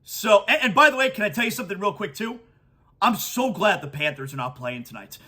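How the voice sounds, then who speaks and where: Sports talk host, man, high, bright, emotional, stammering and gushing. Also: animated, brisk, husky. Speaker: podcast host. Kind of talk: excited sports talk monologue.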